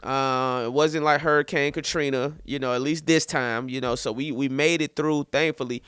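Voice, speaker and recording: A man's voice: medium pitch, normal speed, smooth, no echo, studio quality. A man in his thirties hosting a podcast, telling a story casually and acting out quotes. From St. Petersburg, Florida. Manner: animated, loose, repeats words and acts out quotes. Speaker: podcast host and comedian.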